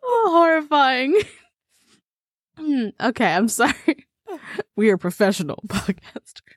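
A woman's voice: high voice, very animated, measured pace, dry recording. Woman, casual podcast co-host, giggly and playful, dry close mic. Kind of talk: casual chat.

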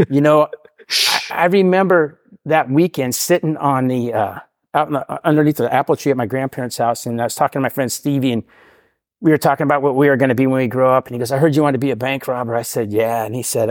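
Fast-talking man telling a rambling story. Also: medium pitch, no echo, clean studio sound. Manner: rambling, self-deprecating, repeats "right?". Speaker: podcast guest sharing recovery story. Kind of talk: casual storytelling. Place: podcast studio.

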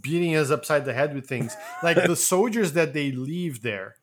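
Man, slightly higher voice, loose rambling film critic among friends. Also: expressive, moderate pace, a little hiss or hum. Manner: rambling, laughing, swears. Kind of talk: casual movie review chat.

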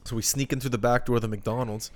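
A man hosting a podcast, joking around and firing off quick questions in casual chat. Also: medium pitch, fairly even intonation, a little mellow. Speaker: podcast host.

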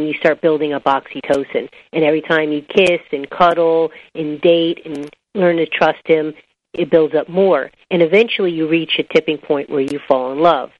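A woman with a low-pitched voice explains her subject step by step as an interview guest, slipping into anecdotes as she goes. The recording sounds dull and lo-fi. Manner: animated storyteller, explains step by step. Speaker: author and biology professor, guest.

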